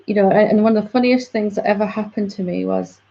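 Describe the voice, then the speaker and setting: A woman's voice: mid-range voice, steady tone, quick pace, vocal fry, dark tone. A woman spiritual teacher patiently explaining to a student in a reflective satsang dialogue. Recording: dull lo-fi audio.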